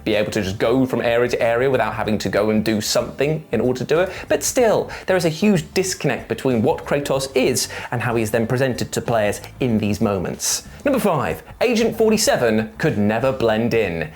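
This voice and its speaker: Playful games narrator. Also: mid-range voice. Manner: playful, jokey, animated asides. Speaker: video narrator. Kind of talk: scripted comedic commentary.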